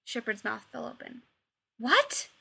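A woman reading fiction aloud in a lively, expressive narrating voice. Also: a little high, moderate pace, breathy edge. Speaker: story reader.

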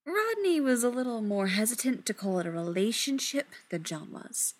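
A woman reading a story aloud in an unhurried, expressive way. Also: on the high side. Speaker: audiobook reader. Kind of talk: fan fiction reading.

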